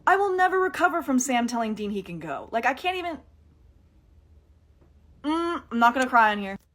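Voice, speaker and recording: Woman vlogger, exasperated rant, lots of swearing, jumps from loud outbursts to low grumbles. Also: fairly quick. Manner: exasperated, ranting, with heavy swearing and "like"; swings between animated outbursts and low, subdued stretches. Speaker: TikTok creator reviewing a TV finale. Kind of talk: casual opinion vlog.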